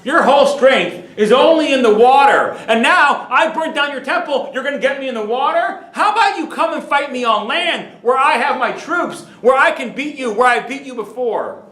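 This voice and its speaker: A man acting out an arrogant Roman general who loudly mocks and taunts, in a roomy hall. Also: very high voice, animated, moderate pace, hardly any pauses, pitched above the performer's own voice, full character voice. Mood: mocking taunt. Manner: mocking, shouting taunts.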